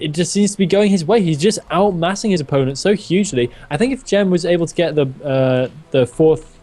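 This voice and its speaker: Fast-talking male game caster. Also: a little high. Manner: excitable, laughs often. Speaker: esports caster. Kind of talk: live game commentary.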